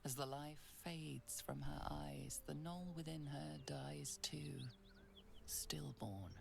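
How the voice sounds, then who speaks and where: A grim gravelly game narrator. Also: female voice, full character voice. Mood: ominous. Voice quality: low and gravelly, slow measured delivery. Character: grim, ominous female storyteller narrator. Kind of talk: scripted second-person game narration. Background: game music.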